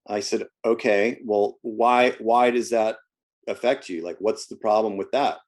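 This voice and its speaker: Guy w a lowish voice, health coach chatting in an interview, lots of stories and restarts. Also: normal speed, darkish tone. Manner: storytelling, repeats words when restarting. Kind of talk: casual interview talk.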